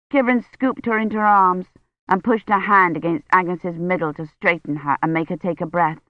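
A woman narrating an audiobook in a measured, even storytelling manner. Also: medium pitch, no room sound, muffled recording. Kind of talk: scripted narration.

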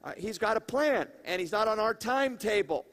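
A high-voiced man preaching a lively sermon. He keeps it conversational, with laughing asides and questions thrown out to the congregation. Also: a little fast. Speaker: pastor.

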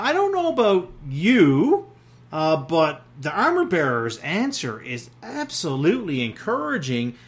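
A middle-aged pastor from Newfoundland preaches a sermon, his medium-pitched voice folksy and plain-spoken. He uses lots of fillers and often restarts his sentences.

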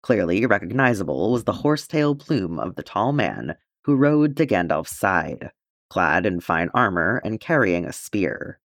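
Expressive low-voiced male narrator. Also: measured pace, no room sound, clean studio sound. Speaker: audiobook reader. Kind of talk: fan-fiction audiobook narration.

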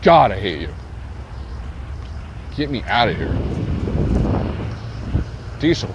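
A man's voice: lowish voice, very animated, slow, noisy background. Irritable, profane older man rambling outdoors. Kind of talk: rambling street vlog. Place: outdoors on a city street with traffic. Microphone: small wire mic worn on body. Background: passing cars and motorcycles.

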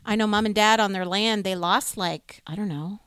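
A middle-aged woman co-hosting a livestream, telling a story in a casual, animated way and acting out the quoted voices. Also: medium pitch, moderate pace, clear, resonant tone, no room sound. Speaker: livestream co-host.

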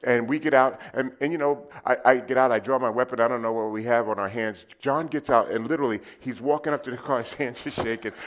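A man preaching a sermon, telling lively stories and acting them out with sound effects. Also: medium pitch, quick pace, few pauses. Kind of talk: sermon with storytelling.

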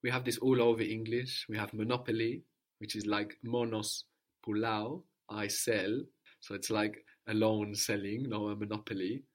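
A man teaching a language lesson, patiently prompting his student and repeating the answers. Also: on the low side.

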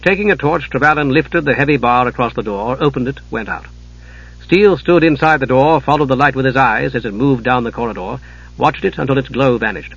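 A man reading an audiobook in a measured, dramatic narration, on a dull lo-fi recording. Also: mid-range voice, a bit bright, husky, no room sound.

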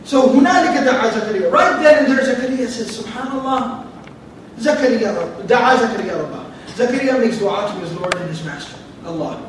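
A man with a high voice gives a Quran lesson at a brisk pace. He recites verses quickly and then explains them in English. He sounds set back from the mic in a very echoey room, with faint noise behind him. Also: lively intonation, recorded from a distance. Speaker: Quran teacher. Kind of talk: explanatory lecture.

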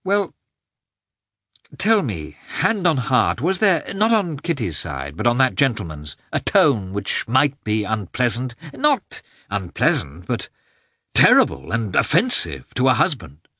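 A man voicing an anxious, excitable aristocratic mother in a storybook reading. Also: mid-range voice, a little slow, slightly rough, no room sound, clean studio sound, pitched above the performer's own voice, exaggerated voice. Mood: fretful. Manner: fretful, excitable. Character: anxious aristocratic mother, woman, middle-aged.

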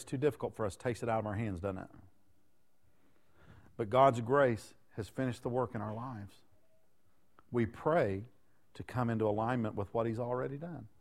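A man in his thirties preaching a sermon in a folksy, conversational way, throwing questions out to the congregation. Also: medium pitch. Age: 30s.

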